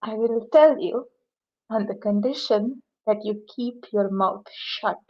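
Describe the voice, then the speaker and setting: A woman voicing an exasperated, sharp-tongued teenage superhero in a tabletop game. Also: mid-range voice, slow pace. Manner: dry, sarcastic. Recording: slightly muffled lo-fi mic.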